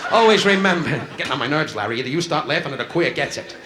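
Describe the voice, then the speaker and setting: A male comedian, his voice on the high side with lively intonation, does insulting crowd work at a nightclub. Rapid-fire barbs fly at audience members, and the sound is from a noisy 1960s live album.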